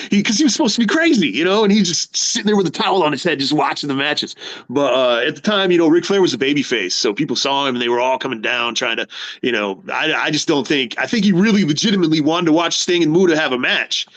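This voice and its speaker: A man hosting a wrestling talk show, telling a relaxed, rambling anecdote. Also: fairly high pitch, fast talker. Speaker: host. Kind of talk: casual chat.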